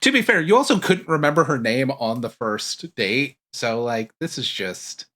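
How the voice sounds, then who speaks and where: A man runs a tabletop role-playing game for his friends. He narrates the scene in an easy, joking way. His voice sounds bright and a little sharp, at an ordinary pitch for a man. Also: normal speed. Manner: relaxed, joking scene-setting. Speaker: game master.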